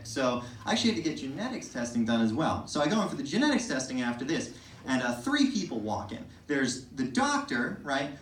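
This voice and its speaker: A man doing self-mocking stand-up storytelling at an open mic, animated, swearing casually and breaking into laughter. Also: mid-range voice, a little hiss or hum. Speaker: stand-up comedian. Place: comedy open mic venue. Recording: roomy, distant mic in a live venue.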